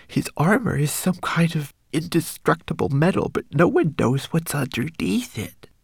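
A man voicing a small, timid male homunculus servant in a high, quavering, pleading voice, as an audiobook character. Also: expressive, normal speed, creaky, breathy edge, no room sound, full character voice. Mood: anxious, explaining.

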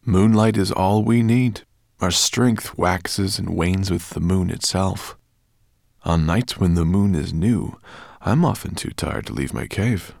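Guy doing a tired old dragon, slow and solemn, gravelly. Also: low voice, a little mellow, no room sound, studio quality, full character voice. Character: calm, weary male dragon.

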